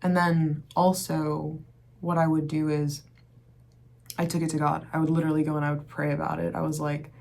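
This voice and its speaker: A woman's voice: deep voice, flat delivery, moderate pace, gravelly, darkish tone. A young woman who is a mother, speaking candidly and rambling in a casual faith-based vlog, with lots of fillers. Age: young adult. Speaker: mom vlogger.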